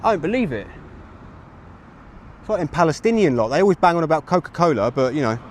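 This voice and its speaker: A man in his thirties from England is livestreaming to his chat from a street, talking into a phone mic with traffic noise behind him. His voice is on the high side, and he rambles and chats very animatedly at a fast clip.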